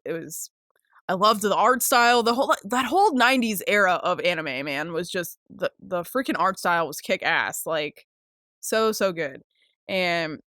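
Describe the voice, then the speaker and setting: A woman in her twenties talks through a casual solo podcast in a bright, forward voice. She gets worked up easily, swears freely and laughs often between fillers. The sound is close and dry, with no room around it. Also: lowish voice, dry recording. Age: 20s. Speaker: podcast host.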